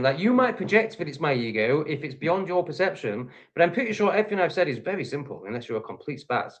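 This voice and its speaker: A man's voice: a little high, very animated, quick pace, hardly any pauses. A man from England with an English accent, ranting angrily and profanely on a livestream. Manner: profane, heated, repetitive ranting. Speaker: livestream host. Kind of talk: angry livestream rant.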